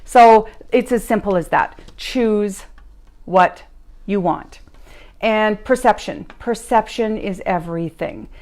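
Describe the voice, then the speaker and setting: A woman gives an upbeat motivational talk over a live stream. Her pitch sits in a middle range. She tells stories and comes back to her main points again and again. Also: slow pace, a little mellow. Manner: upbeat, repeats key phrases for emphasis. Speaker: podcast host and life coach. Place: live stream recorded at home.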